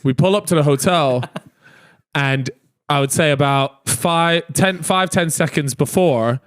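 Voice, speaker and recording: Lively young man telling a story. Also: on the high side, measured pace, clear, resonant tone. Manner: animated storytelling, swears freely. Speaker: podcast guest. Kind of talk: casual chat.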